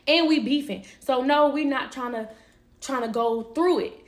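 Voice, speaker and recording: Animated young woman telling a storytime. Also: high-pitched, moderate pace. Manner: animated, slangy, acts out quotes. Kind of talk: casual storytime.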